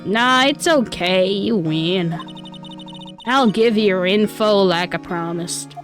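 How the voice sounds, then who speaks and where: A woman's voice: mid-range voice, slow pace, faint music behind, lightly acted. A woman voicing a friendly southern woman photographer with a put-on Southern drawl, reading a game aloud. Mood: folksy. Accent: put-on American Southern. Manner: folksy drawl, self-admittedly shaky.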